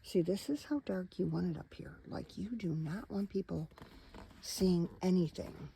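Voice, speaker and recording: A woman's voice: lowish voice, unhurried, vocal fry, mellow, a little hiss or hum, rough recording. A tired middle-aged woman vlogging from inside her parked van at night, chatting in a rambling, wandering way straight to her viewers. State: tired, yawning. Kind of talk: casual rambling vlog chat.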